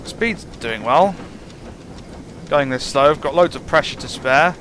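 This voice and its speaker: A man's voice: fairly high pitch, animated, unhurried, fairly bright tone, a little hiss or hum. A man giving casual, musing commentary while playing a train simulator, chuckling often. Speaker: gameplay channel host.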